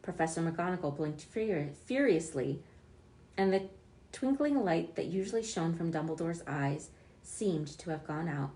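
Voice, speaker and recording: A woman reading a children's book aloud, expressive, with small slips she corrects. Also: fairly low pitch, a little slow, roomy sound. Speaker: storyteller.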